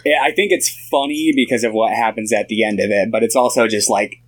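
A man's voice: fairly low pitch, fast, poor audio. A young man co-hosting a podcast, casually retelling a film with lots of fillers. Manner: relaxed retelling with many fillers. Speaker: podcast co-host.

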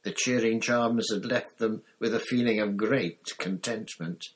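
A low-voiced man narrating a storybook in a plain, unhurried reading. He carries on steadily through the odd slip. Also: fairly even intonation, husky. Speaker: reader.

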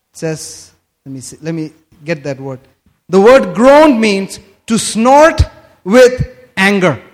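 A man preaching a sermon, reading scripture aloud and explaining it, building to emphatic phrases and making quick asides as he checks his notes. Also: sits high. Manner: slow, rising to emphatic bursts on key phrases; asides while looking up words in his notes.

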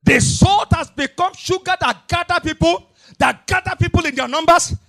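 Preacher man, really high voice, goes soft then yells, repeats everything. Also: normal speed, gravelly, faint music behind. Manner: repeats lines, swings between hushed and shouting, sing-song cadence, bursts into tongues. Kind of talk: fiery sermon.

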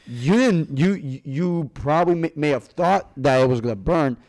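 A man with a somewhat high voice talks in a chatty, conversational manner. He keeps checking that his listener is following him, and the recording is dry with little room sound. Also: expressive, moderate pace, a little mellow, dry recording. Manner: chatty, seeks agreement. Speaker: podcast guest. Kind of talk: casual conversation.

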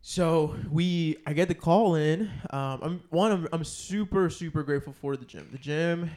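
A man's voice: a little high, moderate pace, darkish tone. A man hosting a podcast as a personal trainer in casual chat, rambling and restarting his sentences.

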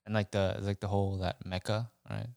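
A man's voice: lowish voice, flat delivery, fairly quick, creaky, darkish tone, no echo, studio quality. A man chatting casually on a podcast, loose and profane, with lots of "yeah" fillers. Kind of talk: casual chat.

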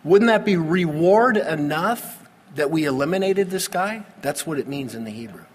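A man preaching a sermon, pastor at the pulpit, animated with sudden loud emphasis. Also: on the high side, normal speed, big-room sound, slight background noise.

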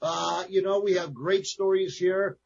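A man's voice: high-pitched, fairly even intonation, measured pace, vocal fry, lo-fi sound, slight background noise. A man hosting a talk radio show, chatting in an upbeat way and repeating promo details, speaking into a studio microphone.

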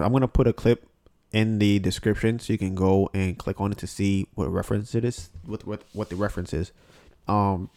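A man's voice: on the low side, a little mellow. A man hosting a casual podcast, talking bluntly with plenty of swearing and often acting out what other people said. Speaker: podcast host.

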